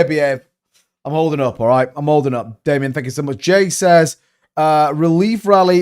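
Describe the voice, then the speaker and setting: Casting: male livestream host at his desk mic, slightly raised pitch, chatty, bouncing between hype and muttered asides. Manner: chatty, greets viewers by name, swings between upbeat and muttering. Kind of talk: casual livestream chat.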